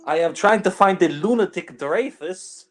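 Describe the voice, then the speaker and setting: A man's voice: high voice, voice pushed up, full character voice. A man putting on a bumbling, pompous French inspector with a mock French accent. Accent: put-on French.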